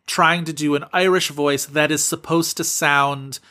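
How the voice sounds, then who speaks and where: A man's voice: on the high side, fairly even intonation, unhurried, sharp tone. A man co-hosting a podcast, chatting casually and rambling with plenty of fillers and restarts. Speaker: podcast co-host. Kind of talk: casual chat.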